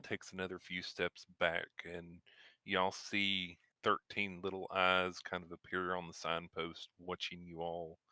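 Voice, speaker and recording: A man runs a tabletop game, describing the scene in a slow, measured way. His voice is low, bright and smooth, and it sits close and dry. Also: monotone, dry recording. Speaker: game master.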